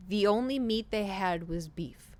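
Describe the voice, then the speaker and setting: A young woman streamer telling a rambling story to her chat, animated, with lots of "like" and acted-out quotes. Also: mid-range voice, a little slow. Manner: animated, rambling, heavy use of "like", acts out quoted speech.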